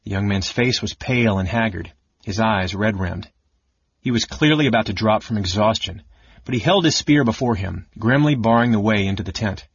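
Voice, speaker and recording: A man reading an audiobook in a steady, measured way, his low voice slightly husky. The recording is dry and dull. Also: no echo. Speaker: narrator.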